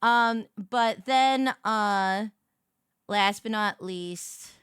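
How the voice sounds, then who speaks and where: A young woman streaming as a VTuber, telling a story in casual chat and greeting her viewers with big, bright jumps in her voice. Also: medium pitch, extremely slow, smooth, no room sound, studio quality.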